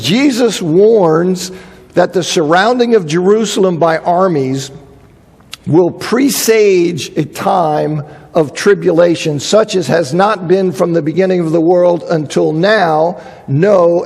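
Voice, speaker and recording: A man's voice: fairly high pitch, creaky, darkish tone, breathy edge, in a large hall. A man teaching a Bible lecture, emphatic and fond of repeating phrases to drive a point home.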